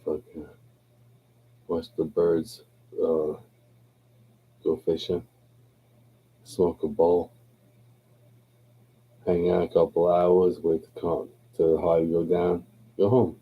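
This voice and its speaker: A man's voice: deep voice, flat delivery, slow, pauses often, breathy edge, narrow, tinny audio. A tipsy man hosting a livestream, rambling in a laid-back, profane way. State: tipsy from drinking. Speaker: livestream host. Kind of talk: rambling casual livestream chat.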